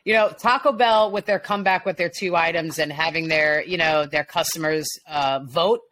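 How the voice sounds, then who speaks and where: A woman from Long Island co-hosting a casual talk show, telling stories in a lively way and acting out what people said. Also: low-pitched, moderate pace, slight background noise. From Long Island, New York. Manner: animated storyteller, acts out quotes. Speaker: podcast co-host. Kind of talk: casual chat.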